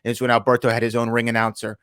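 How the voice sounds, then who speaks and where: A man with a mid-range voice hosts a sports talk show. He talks in an animated way and laughs often, and his voice is recorded dry and close. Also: mid-range voice, rapid-fire, smooth, no echo. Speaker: radio host, ring announcer. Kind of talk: casual radio chat.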